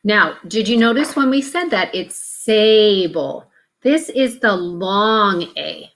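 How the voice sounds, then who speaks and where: A woman's voice: medium pitch, lively intonation, slow, a bit bright. A woman teaching a phonics lesson, patiently sounding out letters one at a time and breaking words into syllables.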